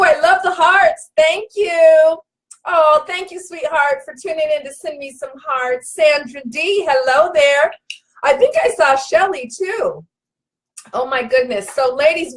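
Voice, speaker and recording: Effusive high-voiced woman hosting a livestream. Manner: effusive, greets viewers by name, repeats words. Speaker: host of a live online broadcast. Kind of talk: live-stream talk to viewers.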